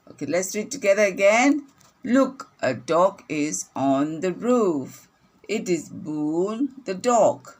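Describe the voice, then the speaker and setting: A woman teacher reading a phonics lesson aloud to young children, repeating each sentence slowly and clearly. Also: fairly low pitch, lively intonation, a little mellow.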